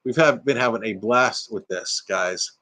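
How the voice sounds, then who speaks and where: An older man hosts a casual livestream from a home room with a green screen, chatting with viewers, reading their comments aloud and laughing often. His voice is on the low side, unhurried and sharp in tone.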